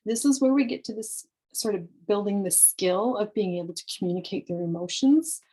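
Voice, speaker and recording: A woman giving calm, reassuring parenting advice straight to camera, explaining step by step and checking in with "okay". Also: medium pitch, moderate pace, poor audio. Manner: often says "okay" and "um". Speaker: parenting coach.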